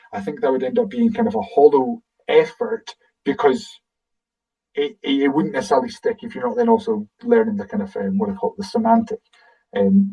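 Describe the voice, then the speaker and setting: A man's voice: a little high, vocal fry, warm tone, distant mic, low-quality recording. A man with a Scottish accent, a guide explaining things casually in a webinar and thinking aloud as he answers audience questions over a video call.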